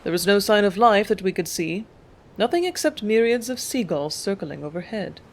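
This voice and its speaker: Calm woman reading an audiobook. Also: medium pitch, moderate pace. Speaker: audiobook narrator. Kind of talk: audiobook reading, first-person memoir.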